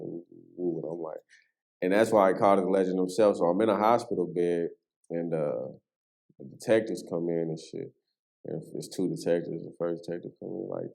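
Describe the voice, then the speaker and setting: A man telling a personal story in casual street slang, full of "you know what I'm saying" and animated as he relives what happened. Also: low-pitched, brisk, vocal fry. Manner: animated, voice rises sharply when reliving the moment. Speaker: podcast guest.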